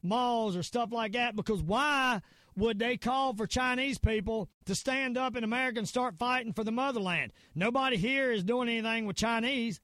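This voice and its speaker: A podcast host with a Southern US drawl and a notably high voice goes on a casual, conspiracy-minded rant, rambling emphatically through piled-up fillers and restarts. He speaks at a moderate pace with a fairly bright tone, and the recording is close and dry with no room sound.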